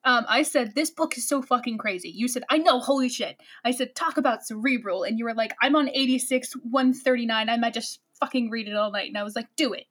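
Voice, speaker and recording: A woman's voice: on the high side, brisk, few pauses, fairly bright tone. A young woman co-hosting a casual book podcast, joking with dry, wry asides. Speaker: podcast co-host.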